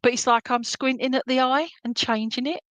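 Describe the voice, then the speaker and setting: A woman's voice: sits high, fairly even intonation, brisk, fairly bright tone, dry recording, low-quality recording. A middle-aged woman serving as a spiritualist medium, giving rambling, affectionate clairvoyant readings at an online church service, with many fillers and restarts.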